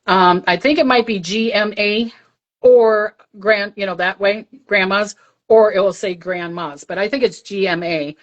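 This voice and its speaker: An older woman tells a story in an easy, chatty way, her voice at an ordinary middle pitch. She jumps into the other people's voices as she goes, bringing the scene to life like a seasoned storyteller. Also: a little slow, dull audio. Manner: animated storyteller, acts out voices she heard. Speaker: psychic medium guest. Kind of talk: casual storytelling on a livestream.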